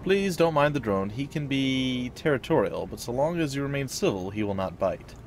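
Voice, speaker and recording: A man voicing a cultured, pleasant middle-aged male drone engineer in a video game, speaking in a polite, measured way. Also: mid-range voice, sing-song, a little hiss or hum, close to an everyday voice. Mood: courteous.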